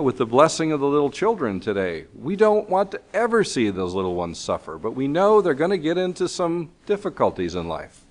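A man preaching a sermon in an earnest, emphatic way, reading scripture aloud, his voice still recovering from being lost. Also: medium pitch.

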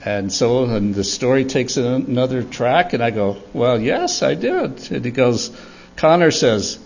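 An older man giving a storytelling sermon for children at church, animated and chuckling as he tells it. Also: medium pitch, normal speed, dull audio. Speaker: church speaker.

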